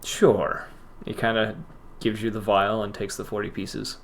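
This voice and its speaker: A man running a tabletop game as game master, narrating scenes in a relaxed, rambling way. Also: lowish voice, unhurried, gravelly, a little hiss or hum. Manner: relaxed, rambling descriptions with laughs.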